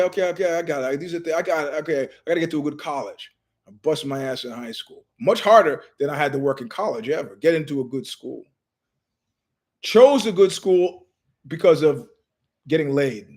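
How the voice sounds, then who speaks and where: A man's voice: fairly high pitch, darkish tone. A man hosting his own show, rambling through stories from his living room and acting out the voices of people he quotes. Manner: storytelling, acts out quoted voices. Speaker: show host. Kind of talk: rambling monologue.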